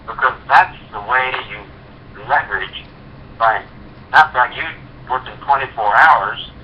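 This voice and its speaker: A man's voice: mid-range voice, a little slow. Folksy man giving a sales pep talk. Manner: folksy, homespun storytelling. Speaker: network marketing leader. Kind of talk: motivational talk. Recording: dull lo-fi recording with faint hiss.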